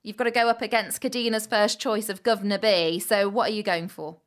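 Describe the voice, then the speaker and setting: A woman hosting a radio talk show, briskly introducing guests and segments. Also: mid-range voice, steady tone.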